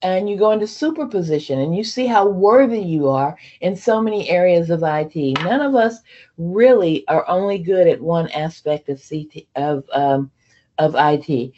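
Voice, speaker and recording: A woman's voice: fairly low pitch, expressive, normal speed, warm tone, lo-fi sound. A woman leading an onboarding presentation for a tech training program, talking conversationally with many fillers and restarts. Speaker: program leader addressing trainees.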